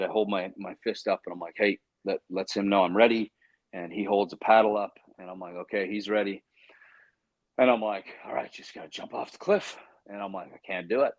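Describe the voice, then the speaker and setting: The recording is dry and rough as a man, an actor on an interview program, recounts a story with animation at a normal speed. His voice sits on the low side, and he performs his own inner monologue, tripping over frequent restarts and stammers when excited.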